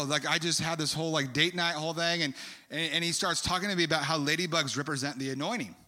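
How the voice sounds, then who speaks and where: A man from California telling a rambling, animated story in a sermon, full of fillers and asides. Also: fairly high pitch, fast talker. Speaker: preacher. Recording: long hall reverb.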